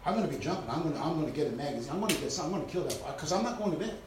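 A man's voice: on the high side, lively intonation, very fast, reverberant, background noise. A male preacher delivering a sermon with emphatic bursts and acted-out sounds.

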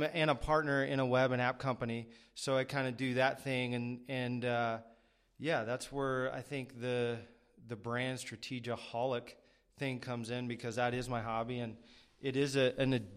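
Male podcast host, young adult, smooth resonant voice, rambling self-deprecating chat. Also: medium pitch, a bit bright. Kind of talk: casual interview chat.

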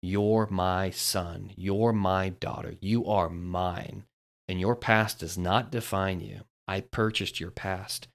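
A man voicing God as a gentle, fatherly figure who speaks softly and slowly. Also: sits low, fairly even intonation, gravelly, pitched below the performer's own voice, heavily acted. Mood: tender.

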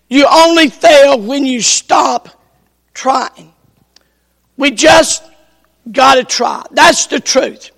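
A man preaching a sermon at a slow, deliberate pace, his voice pitched unusually high and gravelly. He is clearly strained and coughing now and then, yet he hammers the same refrain and builds to shouts. The sound hangs in a long church reverb. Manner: emphatic, repeats his refrain, rises to shouts. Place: church sanctuary.

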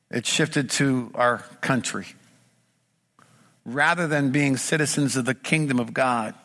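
A man's voice: medium pitch, a bit bright, in a large hall. A middle-aged man preaching a sermon as pastor, earnest and emphatic, building his points through repeated phrases. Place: church sanctuary.

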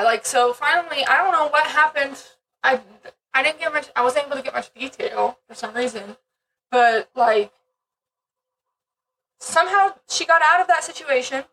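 A woman's voice: high-pitched, moderate pace, bright, forceful tone, recorded from a distance, slight background noise, low-quality recording. A woman co-hosting a podcast in casual chat, blunt and swearing freely, with rambling asides. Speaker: podcast co-host.

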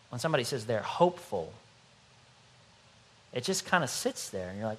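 A middle-aged man preaching a sermon as pastor, animated and playful, acting out little scenes. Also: a little high, normal speed, slightly rough.

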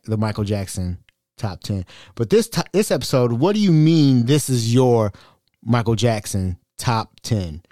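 A man's voice: lowish voice, mellow, no echo, clean studio sound. A young adult man hosting a podcast, telling a comic story in a loose, rambling way with frequent restarts. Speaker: podcast host. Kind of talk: casual podcast monologue.

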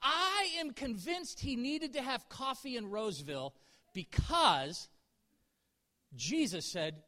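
A man's voice: very high voice, very animated, moderate pace, bright, forceful tone. A middle-aged man preaching a sermon as a pastor, candid and self-deprecating, building to emphatic peaks. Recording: long hall reverb.

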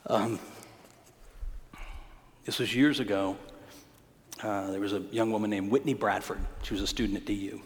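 A man's voice: lowish voice, steady tone, normal speed, long pauses. A male pastor preaching a storytelling sermon in a church, with humor, a conversational tone and punchy emphasis. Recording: hall reverb.

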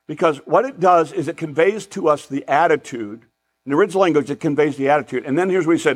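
A man with a fairly high voice preaching in a loose, talky way. He drifts into asides and then pulls himself back to the point. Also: animated, fast. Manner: conversational, rambling with asides. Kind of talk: sermon.

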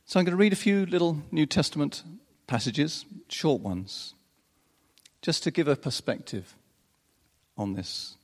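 A man with a fairly high voice preaches at a slow, deliberate pace, chuckling softly between phrases. His words ring out with the long reverb of a large church hall. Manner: unhurried and expressive, chuckling often between phrases. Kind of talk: sermon.

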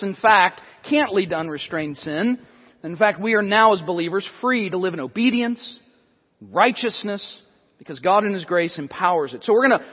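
A man's voice: sits high, in a large hall, muffled recording. A man preaching an expository sermon as pastor, conversational, with frequent restarts and asides. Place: church sanctuary.

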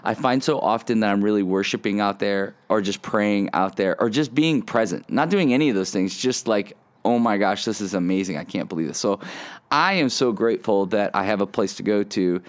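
A man with a fairly low voice hosts a casual devotional podcast. He sounds earnest and reflective, talking to listeners in a loose, conversational way from his front porch. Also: moderate pace. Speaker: podcast host.

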